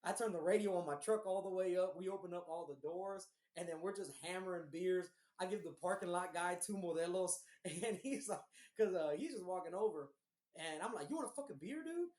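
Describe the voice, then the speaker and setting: A man from Houston with a hoarse, recovering voice, co-hosting a podcast and telling rambling, profane stories in a casual chat. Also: high-pitched, fairly quick, roomy sound. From Houston, Texas. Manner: profane, rambling, animated storyteller. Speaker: podcast co-host.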